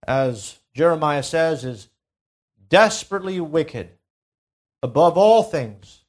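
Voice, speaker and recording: High-pitched male preacher, emphatic sermon delivery with big swings in volume. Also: animated, takes it slowly, long pauses. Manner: emphatic, swells and drops in volume; asks the congregation to fill in words.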